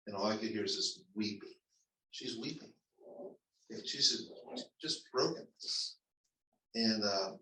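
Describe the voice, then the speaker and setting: A man who is a pastor, telling a personal story to his congregation in a conversational, halting way with restarts. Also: fairly low pitch, sharp tone. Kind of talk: storytelling sermon. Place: church sanctuary. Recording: echoey church hall, mic at a distance.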